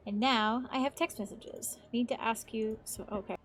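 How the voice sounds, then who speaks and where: A woman's voice: on the high side, steady tone, moderate pace, hardly any pauses, slight background noise. A woman streamer chatting casually on a live stream, swearing freely as she plays.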